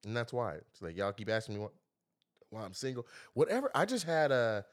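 A man co-hosting a podcast, mid-pitched and loose. He teases his co-host and tells stories with animated swings up into high, mocking voices. Casual, talkative banter. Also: a little fast. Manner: animated, teasing, jumps into high exaggerated voices when quoting people.

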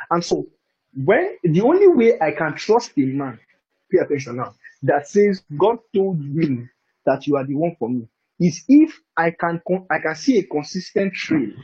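A man teaches scripture in a very husky, somewhat high voice, speaking to his listeners as if in conversation and checking again and again whether they understand. He chuckles between his points. The recording is dull and lo-fi. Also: mellow. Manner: conversational, keeps asking "do you understand?". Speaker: preacher. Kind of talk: bible teaching sermon.

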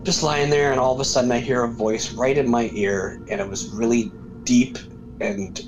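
A man's voice: mid-range voice, normal speed, over music, poor audio. Chatty man telling a ghost story. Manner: relaxed, chatty, says "right?" often. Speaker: podcast guest. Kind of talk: casual storytelling.

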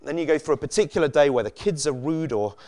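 A man's voice: fairly high pitch, fast talker, a little mellow. A man preaching a sermon in a conversational way, asking his listeners many rhetorical questions.

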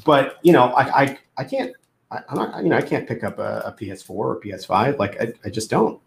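A game developer chats casually on a podcast, very animated and a little fast, with a mid-range voice and vocal fry. He's hesitant, restarting often, using lots of fillers and laughing frequently, and the roomy-echo recording carries slight background noise.

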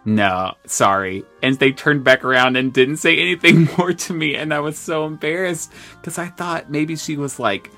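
A man's voice: a little high, moderate pace, vocal fry, few pauses, soft background music. Chatty male podcast co-host telling stories. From United States. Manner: animated, self-deprecating storyteller. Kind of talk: casual storytelling chat.

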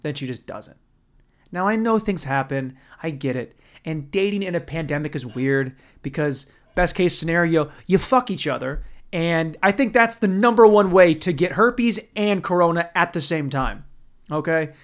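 A man's voice: a little high, animated, normal speed. A man doing stand-up storytelling in a profane, rambling, bro-ish way. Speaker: stand-up comedian.

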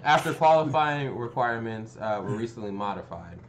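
A man's voice: mid-range voice, lively intonation, slight background noise. A man hosting a casual podcast chat, hedging and trailing off as he talks. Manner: halting, hedging, trails off into mumbles. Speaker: podcast host.

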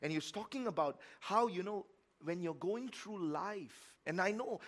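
A middle-aged man preaching a sermon as pastor, telling a story with emphatic repetition and sudden swings between loud and quiet. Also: sits high, lively intonation, moderate pace. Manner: repeats words for emphasis.

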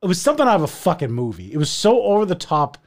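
A man telling a story in casual chat, animated and profane, acting out the people in it. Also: racing. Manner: animated, profane, acts out voices with big pitch jumps. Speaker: podcast co-host telling a story.

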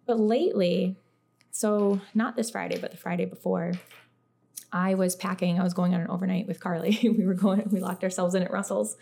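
A woman with a lowish, gravelly voice tells a story in a relaxed podcast conversation. She is animated, peppers her talk with "like", and acts out the voices of the people she quotes. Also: a little fast. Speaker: podcast guest. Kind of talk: casual podcast chat, storytelling.

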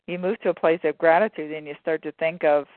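A woman author telling stories in a relaxed interview, with frequent fillers and laughter. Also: low voice, fast talker, dry recording. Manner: animated storyteller, many fillers and laughs. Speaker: guest author. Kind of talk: casual conversational interview. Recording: phone-like dry line.

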